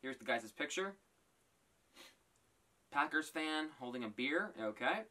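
A bright-voiced YouTube host running a casual reaction vlog and reading tweets out loud. The delivery is animated, full of quick exclaimed reactions between readings. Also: mid-range voice.

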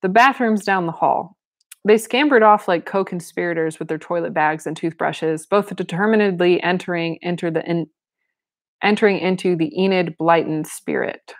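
Woman reading a novel and commenting, wry asides, lowish voice, dry close mic. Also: normal speed, no room sound. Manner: wry asides and frequent laughs. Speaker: reader and commentator.

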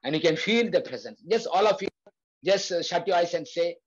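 A man's voice: high voice, expressive, brisk, husky, lo-fi sound. A man leading a Bible study, preaching earnestly with repeated phrases and frequent fillers. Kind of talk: preaching to a prayer group.

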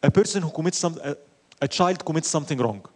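A man's voice: on the high side, fast. A man teaching an Islamic lecture, telling stories with rhetorical questions and Arabic phrases mixed in. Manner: animated storytelling with rhetorical questions. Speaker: religious teacher.

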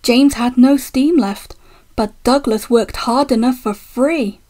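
A woman's voice: high-pitched, takes it slowly, mellow. A woman voicing a kindly older male steam engine who speaks up earnestly and respectfully.

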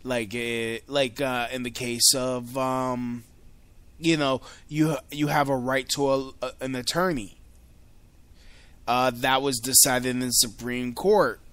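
A man's voice: mid-range voice, fairly even intonation, slow, fairly bright tone, clean tone, no room sound. An American man hosting his own show, talking in a casual, rambling rant full of fillers, restarts and swearing. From United States. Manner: rambling, filler-heavy, profane. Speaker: podcast host.

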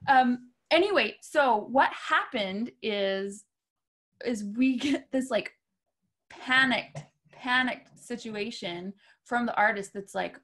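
A woman's voice: on the high side, lively intonation, slow, fairly bright tone. A woman who works as a music arranger, telling a story in an interview in a chatty way and laughing often. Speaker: music arranger and vocal clinician. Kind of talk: casual interview talk.

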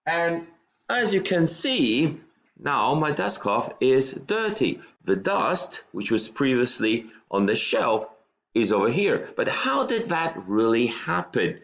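A man's voice: mid-range voice, very animated, slow, a bit bright. A male teacher giving a recorded science lesson from a room at home, explaining step by step in a patient way and often checking in with "okay?".

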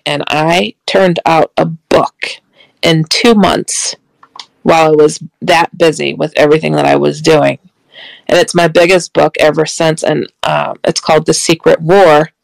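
A woman's voice: deep voice, gravelly, no room sound, low-quality recording. A middle-aged woman telling a personal story in a casual, chatty way, laughing often and acting out what people said. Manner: chatty, laughs often, acts out quoted dialogue. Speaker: author and paranormal speaker.

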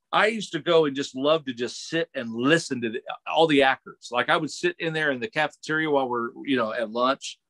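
Lively middle-aged storytelling man. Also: mid-range voice, no room sound. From Missouri, USA. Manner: animated storyteller, acts out other people's voices. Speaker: voice actor, interview guest. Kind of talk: casual storytelling interview.

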